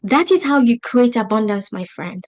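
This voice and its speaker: Woman, non-native accent, fairly high voice, motivational webinar coach, emphatic, rhetorical questions. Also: animated, normal speed. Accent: non-native English. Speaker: business coach. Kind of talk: webinar teaching. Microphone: video call.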